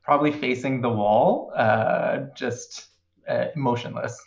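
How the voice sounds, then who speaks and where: A man describes his character's moves at a tabletop game, halting over fillers as he goes. His sound is echoey and muffled, like a modest room mic. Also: mid-range voice, creaky. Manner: hesitant, filler-heavy narration. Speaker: player. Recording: roomy, dull lo-fi sound.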